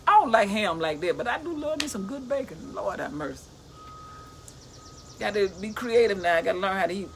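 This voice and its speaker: A middle-aged woman, reading scripture aloud and commenting on it in a chatty, lively way, laughing often. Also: medium pitch, a little hiss or hum. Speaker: Bible study vlogger.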